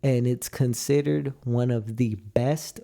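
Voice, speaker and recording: Slow, gravelly young man chatting. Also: mid-range voice, mellow. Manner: laid-back, drawn-out storytelling with acted-out quotes. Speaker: podcast co-host. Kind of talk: casual chat.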